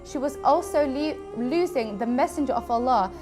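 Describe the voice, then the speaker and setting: High-voiced woman narrating gently. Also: lively intonation, moderate pace. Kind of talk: documentary storytelling. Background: faint background music.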